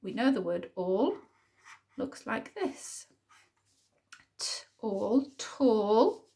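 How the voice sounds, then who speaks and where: A woman teacher, thinking aloud and sounding out words slowly in a phonics lesson for young children. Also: fairly high pitch, big pitch swings, dark tone. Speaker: primary school teacher.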